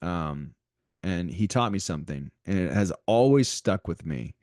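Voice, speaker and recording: Casting: male podcast co-host, very low voice, dry close sound, animated motivational chat. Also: unhurried, dry recording. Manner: animated, repeats himself, talks straight to listeners.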